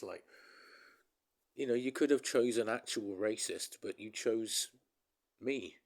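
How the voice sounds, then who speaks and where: This vlogger addresses his viewers head-on, venting in emphatic, rambling stretches, often restarting and calling everyone guys. His slightly low voice keeps a measured pace, and he pauses often.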